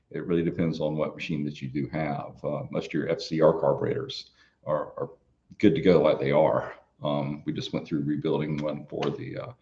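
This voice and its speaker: A man hosting a casual live Q&A from a small studio, talking in a relaxed, folksy way with plenty of fillers and restarts. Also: rumbling low, muffled recording. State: out of breath. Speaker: parts company host answering viewer questions.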